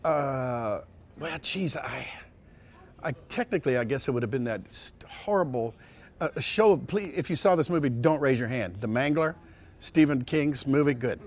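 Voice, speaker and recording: A male voice actor telling casual anecdotes in an interview, rambling with many restarts and sliding into quick impressions. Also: medium pitch, expressive, a little mellow. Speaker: voice actor guest.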